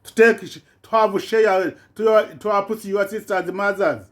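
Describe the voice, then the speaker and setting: A man's voice: sits high, fairly even intonation, normal speed, a bit bright. A man giving an impassioned political rant in broken, non-native English, repeating himself with indignation. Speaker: vlogger.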